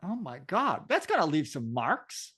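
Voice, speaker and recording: A middle-aged man co-hosts a laid-back podcast chat. He talks in an easygoing, conversational way, often chuckling. His pitch swoops over a very wide range. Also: wildly swooping pitch, a little slow, sharp tone, breathy edge. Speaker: podcast co-host. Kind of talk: casual chat about comics.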